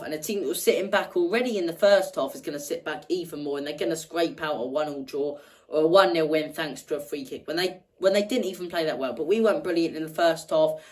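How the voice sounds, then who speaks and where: A woman's voice: sits low, darkish tone, poor audio. A woman hosting a fan match reaction, talking passionately and repeating words for emphasis. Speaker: football fan channel host.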